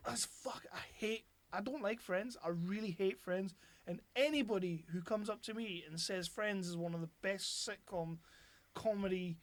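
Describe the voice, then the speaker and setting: A man's voice: high-pitched, moderate pace, no echo. Sweary man ranting. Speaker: podcast host. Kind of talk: casual chat.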